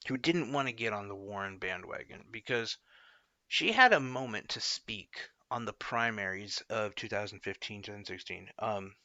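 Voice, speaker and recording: A man's voice: fairly low pitch, bright, forceful tone, no echo, highs cut off. A man hosting a casual political commentary show, opinionated and rambling, full of fillers and short laughs.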